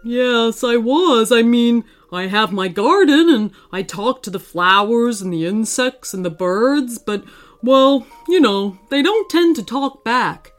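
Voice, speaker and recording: Picture a soft-hearted big hairy monster, a lonely fellow who stammers and frets, brought to life in a storybook reading by a woman. The voice sits fairly high yet swings freely in pitch, and it moves at an unhurried pace. Faint music plays underneath. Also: animated. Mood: warm, bashful. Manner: stammering, fond, nervous.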